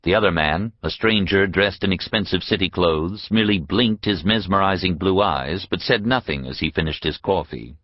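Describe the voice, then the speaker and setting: A man reading an unabridged novel as an audiobook narrator, measured and expressive. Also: sits low, dry recording, muffled recording. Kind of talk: scripted narration.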